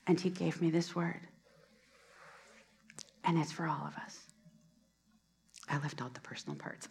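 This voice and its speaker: A woman preaching a sermon on a hands-free mic, soft-spoken and often sinking to a near whisper. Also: sits low, steady tone, a little slow, vocal fry, pauses often.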